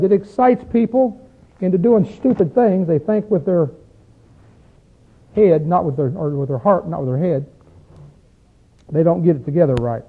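A man's voice: on the high side, vocal fry, breathy edge. A male preacher giving a conversational sermon, reading scripture aloud and asking the congregation plain rhetorical questions. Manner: rises into loud, drawn-out chanting when acting out crowds in the text. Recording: tinny phone-like lo-fi recording.

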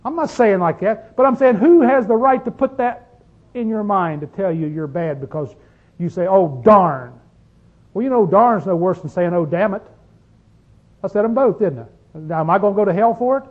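High-voiced man preaching a fiery sermon. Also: animated, narrow, tinny audio. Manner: emphatic, rhetorical questions to the congregation; drawn-out stress on key phrases.

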